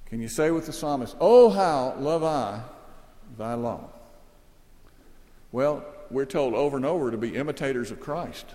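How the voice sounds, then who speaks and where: Male preacher, mid-pitched, earnest sermon delivery with emphatic swells, long hall reverb. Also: darkish tone. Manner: earnest, rises to emphatic peaks then drops low. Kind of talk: expository sermon.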